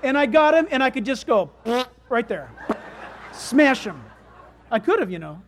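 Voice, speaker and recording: A preacher telling homely stories in a sermon, talking in a conversational way that swings between loud, excited stretches and hushed, quiet ones. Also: high-pitched, moderate pace, a little hiss or hum. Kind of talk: sermon with storytelling.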